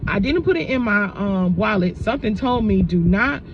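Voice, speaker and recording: A woman's voice: medium pitch, animated, fairly quick, dull audio, slight background noise. A woman vlogger telling a story in a chatty, rambling way, full of fillers, recorded on a phone propped up in a car. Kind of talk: casual storytelling. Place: inside a car.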